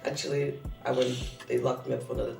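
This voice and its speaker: A young woman telling a story in casual chat, animated and profane, acting out both sides of the dialogue. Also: a bass voice, fast talker, vocal fry, distant mic. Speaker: podcast host. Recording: echoey room from off-mic, faint music.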